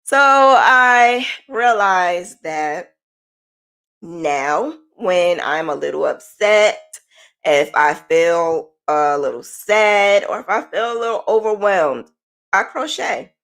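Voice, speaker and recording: A woman hosting a podcast tells a personal story candidly and conversationally, her pace shifting as she goes. Her voice is lowish and fairly bright, expressive and generally slow.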